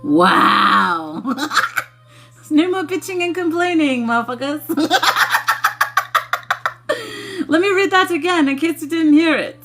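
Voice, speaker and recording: A woman's voice: high voice, sing-song, very slow, long pauses, sharp tone, faint music behind. A woman chatting casually on a live stream, laughing often and swearing bluntly as she talks to her viewers. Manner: giggly, breaks into frequent laughter; blunt and profane, addresses viewers as y'all. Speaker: spiritual channel host.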